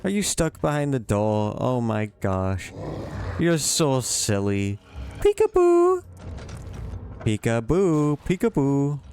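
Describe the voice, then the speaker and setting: A man's voice: on the low side, lively intonation, takes it slowly, vocal fry, a little mellow, slight background noise. A man giving casual, playful commentary while playing a horror game, jokingly talking to the monsters as if they were silly pets. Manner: playful, teasing the monsters in a silly sing-song way. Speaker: let's play gamer.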